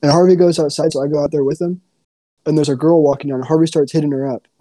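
A young man tells a rambling, profane story on a casual podcast. His voice is mellow and dark, and the recording is dry and close. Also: a little high, fairly even intonation, fast, no room sound. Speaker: podcast co-host.

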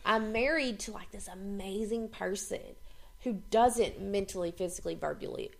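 A young woman chatting candidly on a podcast, blunt and quick to swear. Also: medium pitch, gravelly. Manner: blunt, heavy swearing, speeds up when worked up. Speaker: podcast co-host. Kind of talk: candid casual chat.

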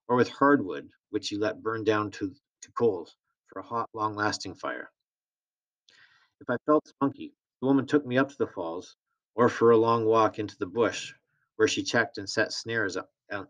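A man reading a novel aloud in a steady, plain storytelling manner. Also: lowish voice, lo-fi sound. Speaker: reader.

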